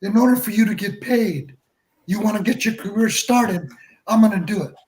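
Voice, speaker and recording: A man's voice: high-pitched, normal speed, darkish tone, echoey room, close to an everyday voice. An older man quoting a bossy film director. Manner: barking orders. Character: brusque male film director, commanding.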